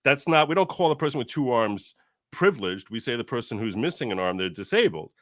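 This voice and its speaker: A man on a casual podcast, explaining his view in a measured way. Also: mid-range voice, sing-song, dry recording, studio quality.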